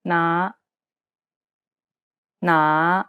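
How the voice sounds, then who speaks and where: Woman saying syllables real slow for learners, smooth lowish voice, dry sound. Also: little pitch movement, no echo, phone-quality sound. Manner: deliberate, measured. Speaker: pronunciation model speaker.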